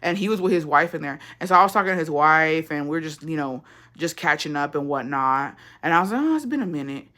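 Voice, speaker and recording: A woman's voice: low-pitched, steady tone, a little fast, bright, forceful tone. A young woman telling a personal story in a casual chat, blunt and profane, dropping Spanish phrases and acting out both sides of an argument.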